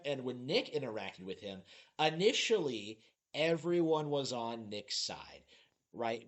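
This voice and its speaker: A man narrating a commentary video, sarcastic and incredulous. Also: mid-range voice. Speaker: YouTube commentator.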